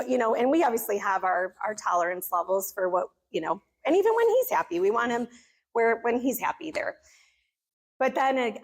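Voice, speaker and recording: A middle-aged American woman speaking to a church gathering, telling a personal story in an earnest, animated way. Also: mid-range voice. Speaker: conference speaker. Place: church hall.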